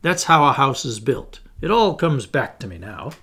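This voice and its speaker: Solemn know-it-all boy, as a male reader puts him on, pompous, loud, slightly husky. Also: mid-range voice, very animated, normal speed, heavily acted. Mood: agreeable.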